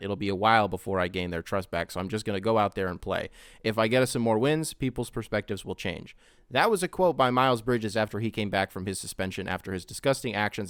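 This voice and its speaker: A young man hosting a casual solo podcast, rambling and swearing, with loud bursts and mumbled asides. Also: lowish voice, dry recording, studio quality. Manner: rambling, swears often, mimics voices in quotes. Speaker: podcast host.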